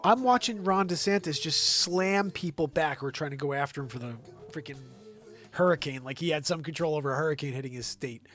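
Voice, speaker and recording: Man, heated political rant, sarcastic, cursing, slightly high-pitched, faint music behind. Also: fairly quick, fairly bright tone. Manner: fired-up, profane, sarcastic. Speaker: online show host.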